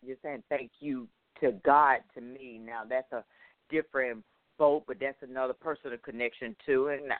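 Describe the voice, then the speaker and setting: A man's voice: mid-range voice, fairly even intonation, normal speed, no room sound. A male host in a casual interview, chatty and hesitant, laughing often. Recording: tinny phone line.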